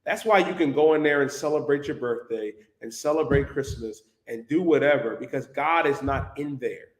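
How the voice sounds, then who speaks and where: A man leading a religious class, mocking and joking while directing a reader with loud interjections. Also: medium pitch, normal speed. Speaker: class instructor. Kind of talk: lively religious class teaching. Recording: echoey room.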